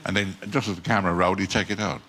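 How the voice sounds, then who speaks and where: An older man, an actor guest on a talk show, telling anecdotes in a dry, understated deadpan way. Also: low-pitched, very fast, heavy background noise.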